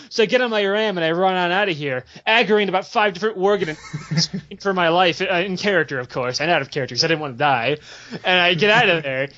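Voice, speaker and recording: Profane, high-voiced young storyteller man. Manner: animated, profane, laughing while telling, acts out quoted voices. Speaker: podcast co-host telling stories. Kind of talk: casual storytelling chat. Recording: dull lo-fi podcast audio.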